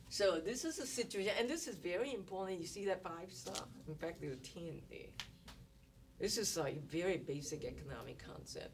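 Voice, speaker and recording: A woman's voice: fairly low pitch, gravelly. A woman instructor giving a classroom economics lecture, explaining step by step and asking rhetorical questions. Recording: distant mic with noise and clicks.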